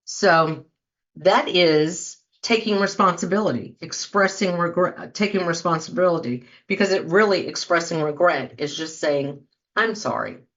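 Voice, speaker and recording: A woman with a lowish voice hosts a show, chatting easily with her listeners. She slips into short sample apologies now and then to show what she means. The recording sounds a little dull and muffled. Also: normal speed. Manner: conversational, acts out sample apologies. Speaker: podcast host. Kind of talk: casual talk, speaking to listeners.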